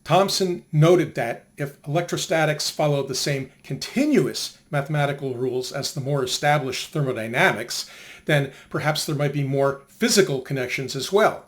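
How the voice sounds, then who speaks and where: A man's voice: a little high, moderate pace. An older man giving a conversational history of science lecture, asking rhetorical questions as he goes.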